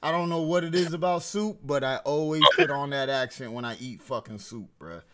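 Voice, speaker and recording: A man's voice: medium pitch, fairly quick, crowd noise. A man in his thirties hosting a casual podcast, joking, slangy and asking his guests questions. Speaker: podcast host.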